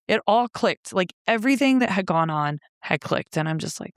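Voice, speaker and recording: A woman recounts her own past in a candid, unfiltered way, swearing freely and breaking into wry laughter. Her voice is smooth and clear at a middle pitch. The recording is close and dry. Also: animated, normal speed, no room sound. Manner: blunt, profane, with wry laughter. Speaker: podcast guest. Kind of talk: candid storytelling.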